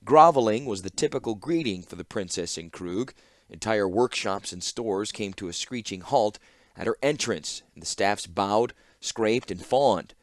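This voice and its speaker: A man narrating a fantasy audiobook with expressive storytelling. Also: fairly low pitch, a little slow, dry recording, clean studio sound. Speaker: audiobook reader.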